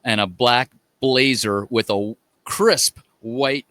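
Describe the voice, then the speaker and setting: A male musician guest chatting casually, rambling through his stories with many fillers. His voice is bright and smooth. The recording is dry and close. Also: medium pitch, slow pace, no room sound. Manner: rambling, with many fillers and restarts, laughs often. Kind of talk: casual chat.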